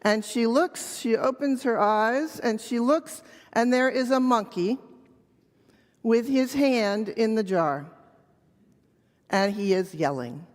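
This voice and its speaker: A woman telling a children's story gently and slowly to a church congregation. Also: a little high, expressive. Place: church sanctuary. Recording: reverberant church hall.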